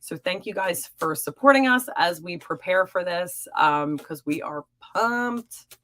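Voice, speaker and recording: A young adult woman hosting a live stream as a psychic reader, chatting warmly and encouragingly with viewers. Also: lowish voice, expressive, unhurried. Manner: warm, encouraging and upbeat. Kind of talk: live-stream chat reading viewer comments.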